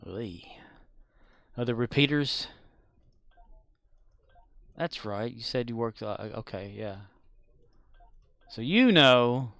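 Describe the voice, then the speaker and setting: A man's voice: medium pitch, lively intonation, takes it slowly, gravelly, long pauses, fairly bright tone, no echo. A man streaming a game live, chatting casually and rambling, with plenty of fillers and restarts. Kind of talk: casual live-stream chat while gaming.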